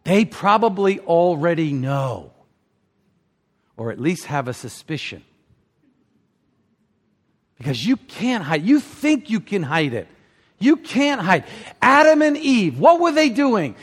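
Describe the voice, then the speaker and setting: A male preacher delivering a sermon with real passion. His fairly high voice swings up and down widely, building to emphatic peaks before dropping almost to a murmur. The sound carries a long reverb from a large hall. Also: very animated, unhurried, fairly bright tone. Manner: impassioned, rising to emphatic peaks then dropping low. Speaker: pastor.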